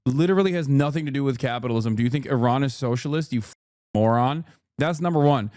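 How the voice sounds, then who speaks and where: A man's voice: medium pitch, quick pace, darkish tone, dry recording. A man streaming ranting political commentary, heated, profane and sarcastic, on a close mic.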